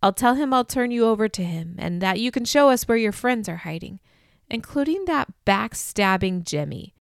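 A woman's voice: fairly high pitch, animated, moderate pace, gravelly, dry recording. Storybook menace: a woman doing a small girl, cold and scornful, dry close sound. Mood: scheming. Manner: contemptuous, threatening.

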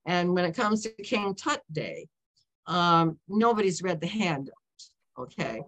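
Rambling woman in her seventies, lowish voice. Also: sing-song, measured pace, fairly bright tone, slight background noise. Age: 70s. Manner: rambling, frequent "okay?" and "you know" check-ins, self-interrupting. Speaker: author. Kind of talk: casual author talk, anecdotal storytelling.

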